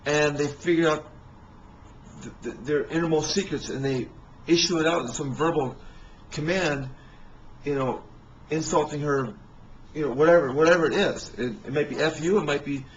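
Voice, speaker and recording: Guy rambling through his own stories, stops and restarts a lot, bit high pitched, faint hiss behind. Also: lo-fi sound. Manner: halting, many restarts and fillers. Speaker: speaker telling personal stories. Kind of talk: rambling personal monologue.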